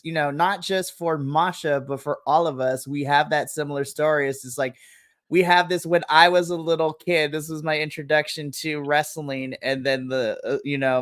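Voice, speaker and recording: Gushing higher-voiced man recapping wrestling. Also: a bit bright, dry recording, clean studio sound. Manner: gushing, enthusiastic storyteller. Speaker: wrestling podcast co-host. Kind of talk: casual recap chat.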